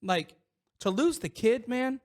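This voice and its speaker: A man's voice: very high-pitched, expressive, slow. A middle-aged man co-hosting a podcast, telling personal stories in a candid, rambling way full of restarts and fillers. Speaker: podcast co-host. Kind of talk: casual chat.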